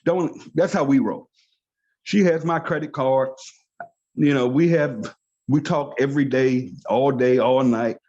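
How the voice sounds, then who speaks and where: A man's voice: mid-range voice, unhurried, darkish tone. A man giving an emphatic, motivational training talk on a video call, repeating his key phrases to drive them home. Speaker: network marketing trainer. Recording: dull lo-fi call audio.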